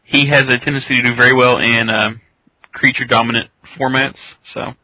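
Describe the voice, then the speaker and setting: A teasing, cocky podcast co-host. His voice is bright and husky, close and dry, and the audio is dull. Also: medium pitch, steady tone, brisk, no room sound. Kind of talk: casual chat. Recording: dull muffled call audio.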